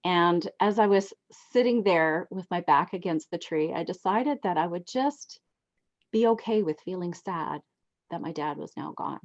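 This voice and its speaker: A woman in her sixties telling heartfelt personal stories as a guest, reflective and expressive, on a dull lo-fi recording. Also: normal speed. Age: 60s. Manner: heartfelt, reflective, lively swings in pitch. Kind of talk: personal storytelling.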